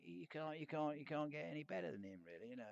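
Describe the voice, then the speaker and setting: A man voicing a sleazy, boastful middle-aged male cartoon bassist, rambling through fan questions in an in-character live chat. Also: animated, fast, highs cut off. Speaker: cartoon band member answering fan questions.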